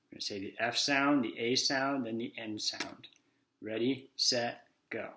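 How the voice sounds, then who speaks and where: Guy doing a slow phonics lesson for little kids, stretches out the letter sounds and acts the words out. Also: medium pitch, fairly bright tone. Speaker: teacher.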